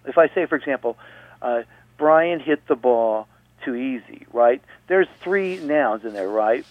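On dry, phone-like radio audio with no room sound, a male host patiently teaches grammar point by point, repeating himself so listeners can follow. His medium-pitched voice has lively intonation and moves a little slowly.

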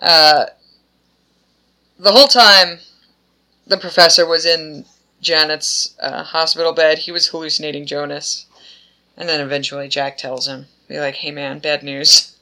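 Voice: medium pitch, steady tone, a little slow, pauses often, pushed and bright. A podcast co-host in casual chat who rambles and slips into offhand character voices.

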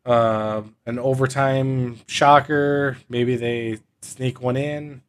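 A man's voice: mid-range voice, steady tone, slow pace. A man co-hosting a casual sports chat, rambling with lots of fillers. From Upper Midwest. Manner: filler-heavy, meandering delivery. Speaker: podcast co-host.

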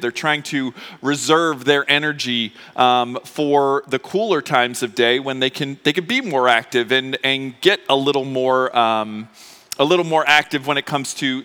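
A man's voice: medium pitch, pushed and bright, big-room sound. A man preaching a sermon to his congregation as pastor, in a chatty, emotional way, with many fillers and restarts. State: recovering from appendix surgery. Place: church sanctuary.

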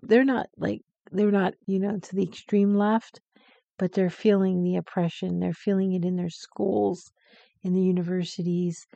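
A woman's voice: medium pitch, flat delivery, vocal fry, warm tone, dry recording, lo-fi sound. A woman co-hosting a podcast, chatting about a book and agreeing often. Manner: agreeable, quick affirmations. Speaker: podcast co-host. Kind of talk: casual book discussion.

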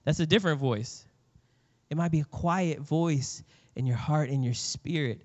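A man's voice: on the high side, moderate pace, darkish tone. A male pastor preaching a sermon in an earnest, conversational way. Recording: reverberant hall, slightly dull sound.

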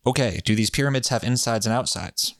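A man voicing a calm male session monitor, giving slow, measured, repeated directions in a hypnotic manner. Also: medium pitch, no room sound, clean studio sound, lightly acted.

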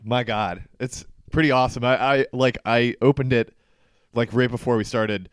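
A man's voice: medium pitch, normal speed, no echo. Laughing young man with a dry, close sound. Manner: animated, laughs a lot, frequent swearing. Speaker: podcast co-host. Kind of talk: casual comedic chat.

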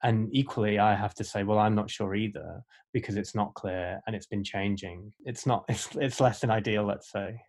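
A man's voice: on the low side, fairly even intonation, normal speed, hardly any pauses, a little mellow. A man who is a doctor, speaking in a wry, hesitant way about his patients.

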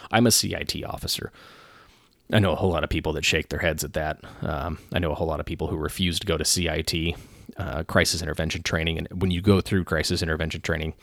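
A man who works as a police officer, talking through policy in a measured way with frequent pauses and restarts. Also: extremely low pitch, creaky, a bit bright, dry recording, clean studio sound. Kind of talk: casual commentary.

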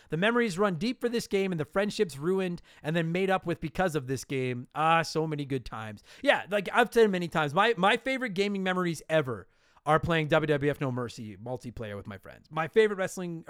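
A man hosting a casual podcast, excitable and swearing freely into a close mic. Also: fairly high pitch, clean tone, no room sound. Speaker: podcast host.

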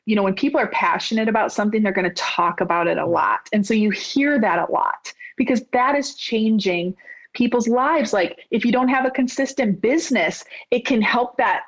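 Woman, 40s, interview guest, chatty storytelling, mid pitch, slightly muffled audio. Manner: chatty and expressive, acting out quoted dialogue with big pitch jumps. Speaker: real estate business owner, podcast guest. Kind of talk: animated storytelling in a conversational interview.

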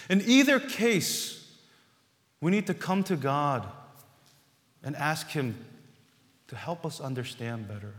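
Male pastor, sermon, earnest repetitive delivery, slightly high voice, long church reverb. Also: sing-song, slow pace, long pauses. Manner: earnest, repetitive preaching that swells to loud emphasis.

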